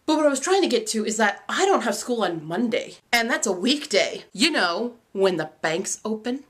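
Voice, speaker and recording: A young woman chatting quickly and playfully in a casual vlog, poking fun at herself as she talks about teaching in Japan. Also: a little high, big pitch swings, a bit bright. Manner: quick, playful and self-mocking. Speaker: assistant language teacher in Japan.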